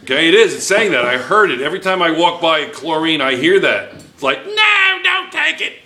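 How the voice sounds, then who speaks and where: A man's voice: on the high side, fairly quick, bright, forceful tone. A man teaching chemistry to a class, playful and joking, firing questions at his students. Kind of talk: classroom lecture. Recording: echoey classroom.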